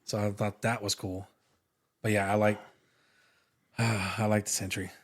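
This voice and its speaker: A man co-hosting a podcast, chatting in a relaxed, joking way and trailing off mid-sentence. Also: lowish voice, measured pace, slightly rough. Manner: laid-back and jokey, trails off mid-sentence. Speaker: podcast co-host. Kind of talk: casual podcast chat.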